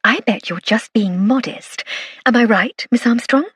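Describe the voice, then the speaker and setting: Woman playing a gushing, high-voiced Edwardian lady. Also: measured pace, a bit bright, husky, no room sound, clean studio sound. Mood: impressed. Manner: gushing, theatrical emphasis. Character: cheerful, effusive upper-class Edwardian lady.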